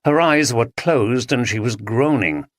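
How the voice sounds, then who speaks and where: A man reading a story aloud as an audiobook narrator, with expressive storytelling. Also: medium pitch, measured pace, no room sound, studio quality. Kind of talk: scripted narration.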